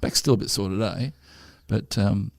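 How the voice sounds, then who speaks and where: Gravelly Australian man on a podcast. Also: lowish voice, moderate pace, a little mellow, no echo, clean studio sound. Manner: rambling, self-interrupting storyteller. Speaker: podcast co-host. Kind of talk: casual chat.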